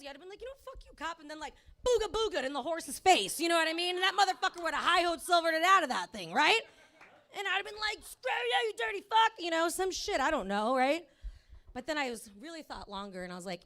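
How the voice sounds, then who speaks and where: Foul-mouthed woman doing stand-up in a club, high voice, swoops all over, lots of likes and you knows. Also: sharp tone. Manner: profane, rambling, lots of fillers. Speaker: stand-up comedian. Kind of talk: stand-up comedy set. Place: comedy club stage.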